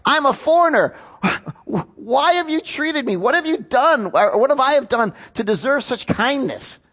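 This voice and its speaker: A man's voice: very high-pitched, lively intonation, a little slow, fairly bright tone, pitched above the performer's own voice, full character voice. A man doing a bewildered young foreign woman. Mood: incredulous. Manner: incredulous, exclaiming questions.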